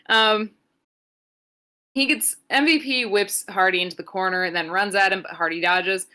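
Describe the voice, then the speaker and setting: In a casual wrestling recap, a young woman co-hosting a podcast rambles through a sarcastic, foul-mouthed play-by-play. She speaks at normal speed in a sharp, mid-range voice.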